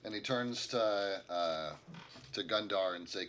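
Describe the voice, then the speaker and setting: A man's voice: lowish voice, takes it slowly, a bit bright, slight background noise. A man narrating as the game master of a tabletop game in a rambling way, full of fillers.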